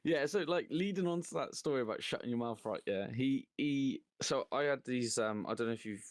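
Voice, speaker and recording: A man co-hosting a casual chat, telling animated stories, often laughing and swearing freely. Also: mid-range voice, a little fast, no echo, studio quality. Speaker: co-host.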